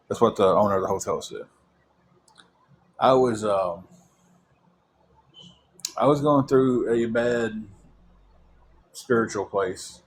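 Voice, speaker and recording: A man's voice: on the low side, steady tone, moderate pace, long pauses, slight background noise. A young man telling a long personal story in a rambling way, with many fillers and repeated words.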